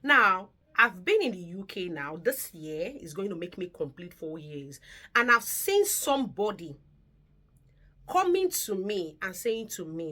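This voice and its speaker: A woman's voice: on the low side, very animated, a little slow, pushed and bright. A woman nurse from Africa giving earnest, lecturing advice in a casual vlog, repeating her warnings and asking rhetorical questions. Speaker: nurse giving advice to migrant care workers.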